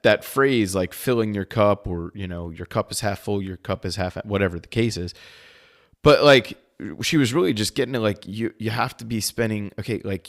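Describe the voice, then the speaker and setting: Animated, rambling male podcast co-host. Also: lowish voice. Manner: animated, rambling, full of fillers. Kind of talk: casual chat.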